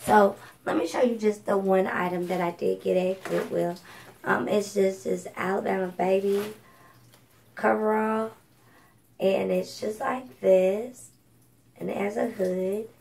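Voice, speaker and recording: A woman's voice: mid-range voice, fairly even intonation, measured pace, creaky, darkish tone, poor audio. A woman from Georgia, chatting casually through a thrift haul with lots of ums and self-corrections. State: coughing from allergies. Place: home at night.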